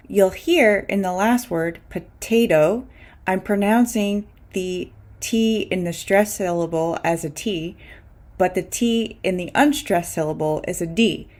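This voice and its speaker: A woman teaching English pronunciation, repeating example words clearly and deliberately. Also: mid-range voice, darkish tone. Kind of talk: scripted pronunciation lesson.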